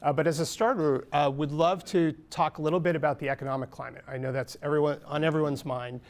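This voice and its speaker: Man moderating a live panel. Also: on the high side. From California, US. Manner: steady, measured, with frequent ums and restarts. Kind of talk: hosting a live panel discussion. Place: conference stage before an audience.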